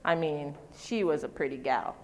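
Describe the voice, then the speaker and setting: A woman's voice: deep voice, normal speed, darkish tone. A middle-aged woman giving a live floral design demonstration on stage, chatty and self-deprecating, joking with her audience. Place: stage in a large convention hall. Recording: long hall reverb.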